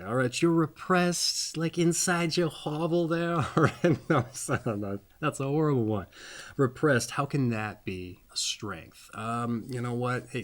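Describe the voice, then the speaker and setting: A man giving a casual, rambling birthday astrology reading as host, folksy and often checking in with "all right?" while laughing at his own jokes. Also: mid-range voice.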